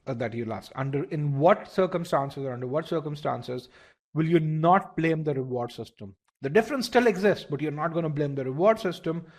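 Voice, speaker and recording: A man's voice: a little high, darkish tone. A man teaching a live online test-prep lesson, explaining step by step, often repeating words and asking the class to check they follow.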